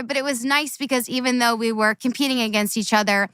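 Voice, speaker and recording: A woman in her thirties talks through her memories in casual conversation. Her voice sits a little high and comes across smooth and clear. The mic is dry and close, with no room sound. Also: fast, few pauses, fairly bright tone, no room sound. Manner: earnest, tumbling storytelling with repeated phrases. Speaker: guest, former Olympic gymnast. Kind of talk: casual chat.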